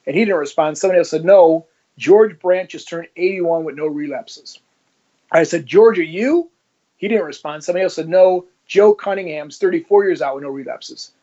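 A man's voice: fairly high pitch, brisk, mellow. A middle-aged man, a former police officer, telling his story in a casual interview and acting out the dialogue he quotes. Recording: slightly muffled lo-fi audio.

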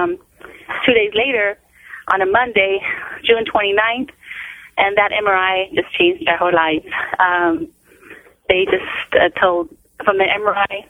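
A woman in her forties, a mother calling in to an interview, tells her story haltingly with many fillers and acts out the dialogue she quotes. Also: medium pitch, no echo. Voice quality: creaky, gravelly. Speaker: guest, mother of a patient. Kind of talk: phone-in interview, personal story. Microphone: telephone. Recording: tinny phone line.

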